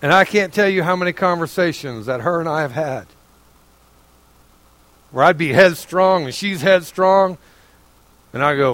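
A man's voice: on the high side, normal speed, pauses often, fairly bright tone, no room sound. A middle-aged man preaching a sermon, fervent and folksy, pleading with his listeners. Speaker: pastor.

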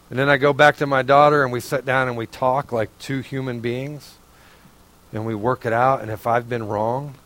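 A man's voice: mid-range voice, a bit bright. A middle-aged man preaching a sermon, fervent and folksy, pleading with his listeners. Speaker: pastor.

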